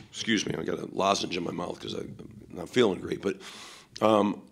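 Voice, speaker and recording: A man's voice: sits low, steady tone, brisk, creaky. A man, a head football coach, answering questions at a post-game press conference in a blunt, emphatic way, with many fillers.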